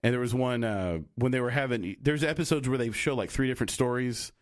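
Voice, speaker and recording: A young man co-hosting a podcast talks a little fast in a mid-range voice, chatting loosely with plenty of fillers and restarts. The studio-quality audio has no echo.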